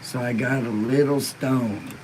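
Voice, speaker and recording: A man's voice: mid-range voice, fairly even intonation, measured pace, darkish tone, slight background noise, rough recording. A laid-back man hosting a live-stream podcast, stoned and in pain, reading viewer comments in a rambling, profane way. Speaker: livestream podcast host.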